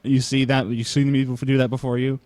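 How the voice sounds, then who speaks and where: A man's voice: medium pitch, level tone, fairly quick, a little mellow, no echo. A man co-hosting a casual podcast, rambling and swearing as he banters with guests. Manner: rambling, profane, does silly put-on voices. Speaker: podcast co-host.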